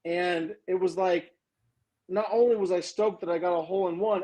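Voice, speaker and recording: A man guest on a golf talk stream, telling a story in an excited, rambling way full of fillers. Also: high-pitched, brisk, rough recording. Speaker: guest golfer. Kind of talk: casual chat, storytelling. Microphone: remote stream mic.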